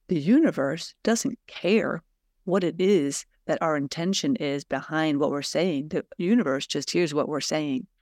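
Gravelly-voiced woman podcast host. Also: sits low, darkish tone, no room sound, studio quality. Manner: earnest, conversational, poses rhetorical questions to listeners. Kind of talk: reflective solo podcast, reading aloud and musing.

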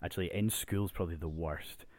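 A man co-hosting a casual chat podcast, chatty and self-correcting, dropping into a soft low voice as he muses. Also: steady tone, fairly quick, no echo, clean studio sound. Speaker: podcast co-host; teacher.

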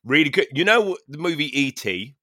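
A man's voice: fairly high pitch, big pitch swings, normal speed, bright, forceful tone, no room sound, clean studio sound. Sweary man hosting. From Northern Ireland. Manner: sweary, self-mocking. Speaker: podcast host. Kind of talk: casual chat.

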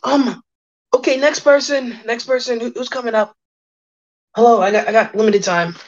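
A woman's voice: a little high, moderate pace, a little mellow, voice pushed up, close to an everyday voice. A woman voicing a harried, weary male interviewer at a hero agency, sighing and stammering through repeats. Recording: dull lo-fi audio.

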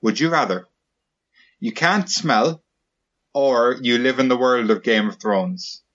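A man's voice: mid-range voice, slow, fairly bright tone, highs cut off, faint music behind. Man hosting a jokey podcast. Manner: jokey, asks questions and sums up. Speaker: podcast host. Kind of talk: casual chat.

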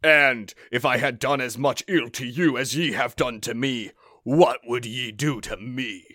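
A man voicing a huge, menacing giant in a folk tale, speaking in a slow, booming, old-fashioned way. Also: pushed and bright, no echo, clean studio sound. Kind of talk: comic storybook read-aloud.

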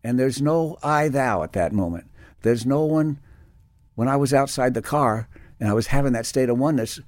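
A man's voice: mid-range voice, moderate pace, darkish tone, no echo, studio quality. A man giving a reflective spiritual talk, telling personal stories with many restarts and fillers. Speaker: spiritual teacher.

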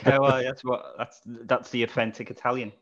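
A man in the middle of his range hosts a relaxed fan podcast. He cracks deadpan jokes and moves the talk along. His voice comes through slightly dull and lo-fi. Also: medium pitch, normal speed, slight background noise. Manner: dry, joking, wraps up the chat. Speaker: podcast host. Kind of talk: casual football fan chat. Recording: dull lo-fi recording.

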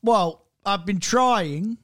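Blunt car salesman, bit high. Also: drawn-out words, fairly bright tone, no room sound, studio quality. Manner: blunt, matter-of-fact, says "mate". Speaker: car salesman, podcast co-host. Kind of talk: casual chat.

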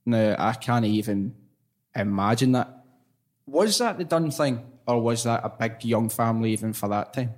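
A young Scottish man hosts a podcast in a casual chat. His voice sits at a middle pitch. He tells stories in a lively, animated way and moves along quickly. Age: young adult. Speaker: podcast host.

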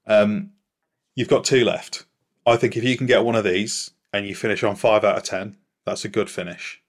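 A man's voice: lowish voice, steady tone, normal speed. A man in casual podcast chat, running a quiz with a dry, playful, teasing manner.

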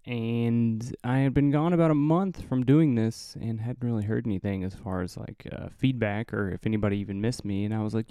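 A young Midwestern man with a nasal voice hosts a casual solo podcast. His tone is mellow and smooth, a bit low for a man. He rambles, swears and pokes fun at himself, recorded close with no room echo. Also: fairly quick, hardly any pauses. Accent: Midwestern American. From American Midwest. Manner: rambling, profane, self-mocking. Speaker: podcast host.

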